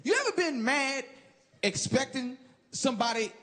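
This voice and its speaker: A man in his thirties performing an animated stand-up comedy set on a club stage, shouting punchlines into a handheld mic. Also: very high voice, normal speed. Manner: animated, loud punchlines, bursts into shouted impressions. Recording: live club recording with crowd laughter and noise.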